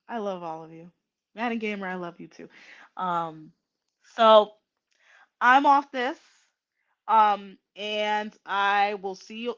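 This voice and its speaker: A woman host talking slowly and emotionally to her viewers, with many pauses, ums and restarts, near tears. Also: mid-range voice, a bit bright, muffled recording. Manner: tearful and emotional. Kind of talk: casual heartfelt livestream talk.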